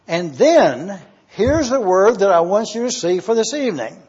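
A man giving an expository Bible teaching sermon as pastor, deliberate and repeating key phrases for emphasis. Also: high-pitched, very animated, darkish tone, husky, muffled recording.

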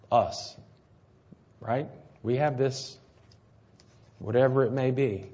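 Male preacher, mid pitch, easy conversational sermon delivery with rhetorical questions, slightly lo-fi recording. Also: warm tone, husky. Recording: slightly dull, lo-fi sound.

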